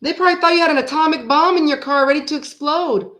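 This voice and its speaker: A tarot reading host in her forties chats casually with viewers on a card reading livestream, rambling through stories and laughing often. Her voice is high-pitched, fast, and sharp, with roomy echo in the recording.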